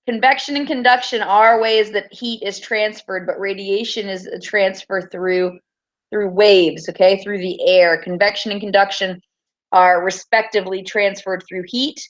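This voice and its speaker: A woman's voice: medium pitch, highs cut off. Upbeat woman teacher reading quiz choices. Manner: upbeat, teasing, reads answer choices slowly and clearly. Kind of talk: running a classroom quiz review. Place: classroom.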